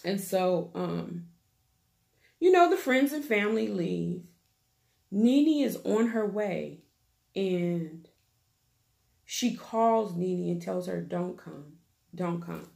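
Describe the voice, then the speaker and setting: Woman vlogger for a TV recap, gossipy and slangy, unhurried delivery with a gravelly fry. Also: mid-range voice, expressive, darkish tone. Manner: chatty, gossipy, slangy storytelling. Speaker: YouTube TV recap host. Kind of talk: casual reality-TV recap chat.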